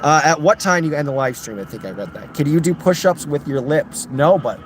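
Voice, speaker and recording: A man's voice: a little high, expressive, brisk, background noise. A young man livestreaming late at night, reading chat comments aloud and joking around. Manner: joking, playful, reads comments aloud in shifting voices.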